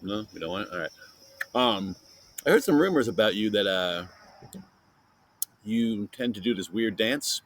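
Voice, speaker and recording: A man's voice: lowish voice, expressive, normal speed, pauses often. Playful chatty man hosting a podcast. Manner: playful, mock-interviewing a silent spider guest; chatty with many fillers. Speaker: podcast host. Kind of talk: casual kids' science podcast.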